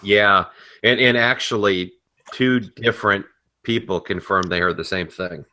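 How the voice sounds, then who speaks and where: A man co-hosting a casual wrestling and sports podcast, calm and matter-of-fact with a teasing streak. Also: fairly low pitch, a little slow. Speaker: podcast co-host. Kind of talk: casual chat.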